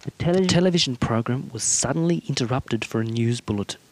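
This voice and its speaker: A man reading a short story aloud in a measured, plain storytelling manner. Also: medium pitch, animated. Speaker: narrator.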